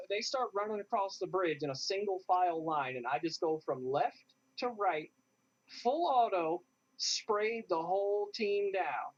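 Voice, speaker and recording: A man, a guest in an interview, telling a lively story and acting out what others said. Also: high voice, measured pace. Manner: animated, acts out what others said. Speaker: interview guest, airsoft player. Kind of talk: casual storytelling. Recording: dull lo-fi sound.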